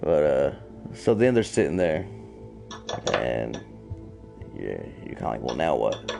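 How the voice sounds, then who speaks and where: A man with a deep, gravelly voice talks slowly through a comic-book plot for his podcast. His delivery is loose and relaxed, full of fillers and a few curses. Soft music plays faintly underneath. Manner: laid-back retelling with fillers and profanity. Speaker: podcast host. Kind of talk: casual comic-book storytelling.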